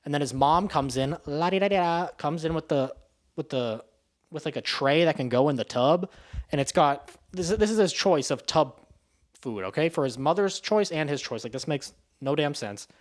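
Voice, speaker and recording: A man's voice: on the high side, lively intonation, normal speed. A man giving a casual spoken movie review, rambling and swearing in a loose, offhand way.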